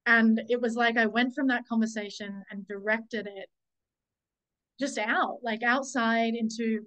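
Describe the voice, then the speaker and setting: A woman's voice: on the high side, steady tone, unhurried, fairly bright tone, low-quality recording. A woman sharing a personal story on a group call, searching for her words, correcting herself often and swearing now and then. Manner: searching, self-correcting, many "like"s; candid, swears when recalling anger. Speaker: summit speaker.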